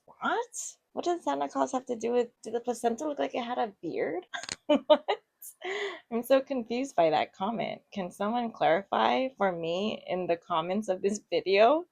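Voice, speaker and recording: A woman's voice: mid-range voice, gravelly. A woman casually reading online posts aloud and reacting to them with chatty, giggly asides. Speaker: online story reader and commentator.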